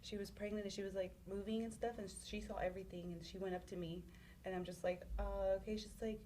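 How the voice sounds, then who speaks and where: A woman's voice: medium pitch, fairly even intonation, fast, dark tone. A young woman tells a story in loose, rambling casual talk, full of fillers and restarts. Her voice sits in an ordinary middle register. A faint hum of noise runs under the recording. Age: young adult. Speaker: guest telling a story. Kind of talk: casual chat.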